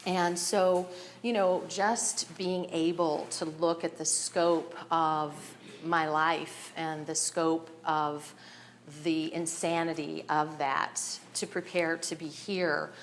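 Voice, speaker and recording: A woman with a fairly low voice gives a personal share to a recovery meeting. She sounds nervous and candid, often laughing between her words. A faint hum sits behind her. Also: flat delivery, slow pace.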